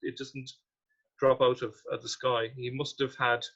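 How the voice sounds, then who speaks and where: A man's voice: medium pitch, little pitch movement, unhurried, a bit bright. A man walking listeners through old sources and maps, reading quotations and then asking pointed questions about them. His voice sits in a middling register. The recording sounds dull and lo-fi. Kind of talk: explaining history with slides.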